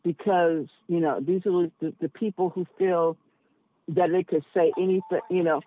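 A woman's voice: lowish voice, steady tone, normal speed. Frank woman on a tinny phone line. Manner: frank and emphatic, thinks aloud with many asides. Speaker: cab driver. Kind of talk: candid conversation as a podcast guest.

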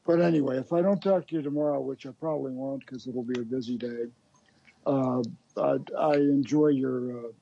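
A man calling in to a radio show, chatting casually in a rambling, halting way and laughing often, heard over a phone line. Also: mid-range voice, steady tone, creaky, mellow. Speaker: regular caller. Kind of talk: casual radio call-in chat.

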